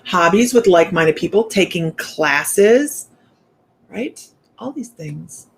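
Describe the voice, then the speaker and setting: A woman's voice: lowish voice, animated, slow, a little hiss or hum. A middle-aged woman hosting a casual livestream, chatty and upbeat, reading out viewer comments and laughing often. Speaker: psychic medium livestream host.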